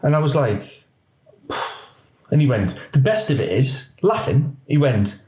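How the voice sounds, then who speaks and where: A man's voice: medium pitch, slow, pauses often. A middle-aged policeman, recounting events candidly in a podcast interview and acting out the voices he quotes. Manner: animated storyteller, acts out quoted voices. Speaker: police officer guest. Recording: echoey room.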